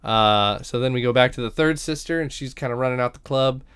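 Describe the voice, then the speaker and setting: A man co-hosts a casual podcast, recapping an episode in an animated, profane way. His voice is smooth and resonant at a mid pitch, and he slips into quick impressions of the characters. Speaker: podcast co-host.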